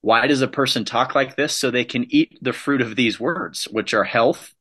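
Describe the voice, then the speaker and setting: Forceful, bright-voiced motivational speaker man. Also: mid-range voice, moderate pace, slightly rough. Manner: emphatic, punchy repetitive phrasing. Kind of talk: motivational talk.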